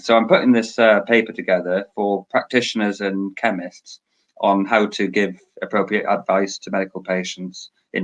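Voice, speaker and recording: A man's voice: fairly low pitch, fairly bright tone, poor audio. A man, a podcast guest, explaining earnestly in casual chat.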